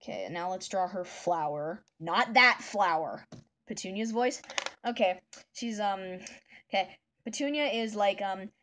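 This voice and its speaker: A woman's voice: mid-range voice, unhurried, a bit bright, slight background noise. Rambling, chatty woman vlogger. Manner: chatty, rambling, many fillers. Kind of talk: casual chat while drawing.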